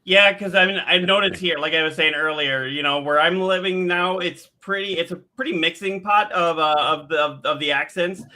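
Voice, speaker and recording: A man's voice: high-pitched, normal speed, hardly any pauses, sharp tone. A man from the United States co-hosting a podcast, telling rambling anecdotes with restarts and acted-out quotes. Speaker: podcast co-host. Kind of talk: casual chat.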